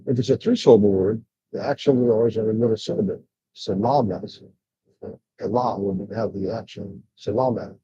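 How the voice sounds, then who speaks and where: An older man talks in a rambling, blunt livestream chat, full of "uh"s and restarts. His voice is dark and husky, and the sound is dry and muffled. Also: fairly low pitch, fairly even intonation, fast talker, no echo. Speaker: vlogger. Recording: dull lo-fi sound.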